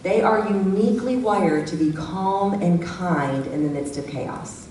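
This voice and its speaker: A middle-aged woman giving a lively workshop talk to a live audience, acting out the voices she quotes. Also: fairly low pitch, measured pace. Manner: animated, acts out quoted voices. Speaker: workshop speaker. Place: church hall. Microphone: handheld microphone. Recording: echoey hall from far off, faint background hum.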